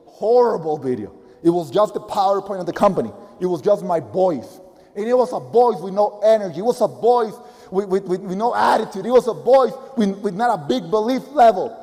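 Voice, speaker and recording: High-voiced Spanish-accented motivational speaker man. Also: big-room sound. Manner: energetic, emphatic, repetitive. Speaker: motivational speaker and business coach. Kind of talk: motivational speech.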